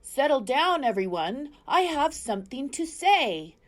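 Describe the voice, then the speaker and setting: A woman voicing a bossy, alarmed male owl in a storybook reading, calling out loud and urgent. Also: high voice, big pitch swings, a little slow, pitched above the performer's own voice.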